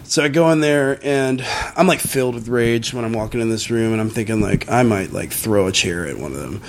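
A man in a relaxed podcast chat, telling a long personal story at an ordinary pitch for a man. He talks loosely, with lots of "you know" and "like" and plenty of swearing. When he quotes other people, his voice jumps up high and loud. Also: a little fast, slight background noise. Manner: animated retelling with frequent swearing and fillers; acts out quoted people in a much higher, louder voice. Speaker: podcast guest, musician. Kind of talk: casual storytelling.

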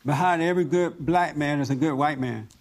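A man's voice: a little high, brisk, a little hiss or hum. A man hosting a talk show discussion, emphatic and preachy, repeating his points for force. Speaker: host.

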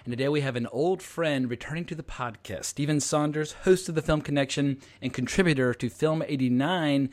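An American man hosts a casual podcast chat, sounding enthusiastic, swearing casually and laughing often. His voice sits a little high, and he talks fairly quickly with few pauses.

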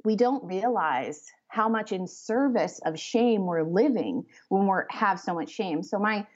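A woman's voice: mid-range voice, a little slow. Chatty woman author on muffled audio. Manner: rambling, filler-heavy, animated talk. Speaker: author and podcast guest. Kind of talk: conversational interview.

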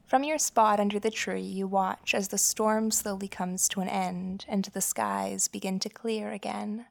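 Gravelly-voiced woman narrating calmly. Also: medium pitch. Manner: measured, explanatory storytelling. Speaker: podcast host and narrator. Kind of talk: scripted narration.

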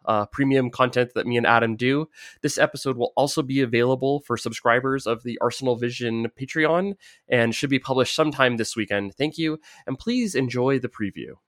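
Upbeat man, mid-pitched, hosting a casual podcast chat; close, dry recording. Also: fairly bright tone, no room sound. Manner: upbeat, enthusiastic, chatty. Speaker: podcast host.

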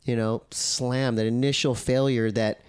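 A man chatting as a podcast guest, animated and acting out his own quoted thoughts. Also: medium pitch, measured pace, clear, resonant tone, no echo, clean studio sound. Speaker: podcast guest, surf commentator and editor. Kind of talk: casual podcast conversation.

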